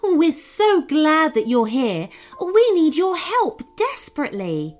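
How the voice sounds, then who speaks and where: A woman voicing a kind female unicorn who pleads gently and earnestly for help. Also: high voice, sing-song, slow pace, pitched above the performer's own voice, heavily acted. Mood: pleading.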